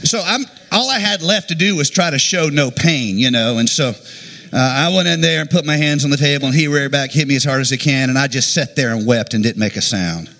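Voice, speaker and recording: A man's voice: medium pitch, fairly quick, a little hiss or hum. A middle-aged man preaching a sermon, telling a funny childhood story and acting out the voices in it. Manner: animated, jokey, acts out quotes. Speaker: pastor.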